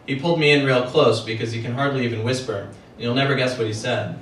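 A man reading as a dry deadpan young debutante. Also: mid-range voice, fast talker, distant mic, a little hiss or hum, close to an everyday voice. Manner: dry, flat delivery. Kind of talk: author reading aloud. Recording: echoey room, heard from afar.

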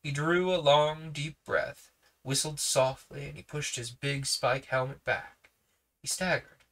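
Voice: mid-range voice, fairly even intonation, measured pace, fairly bright tone. A sleepy reader narrating a children's novel aloud with casual asides. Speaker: podcast reader.

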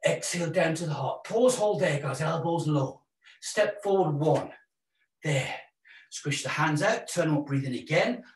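A man's voice: a little high, a bit bright. A Welsh man leading a live exercise class, encouraging and jokey as he counts out the moves and cues breathing. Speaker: fitness instructor. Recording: roomy echo, mic at a distance.

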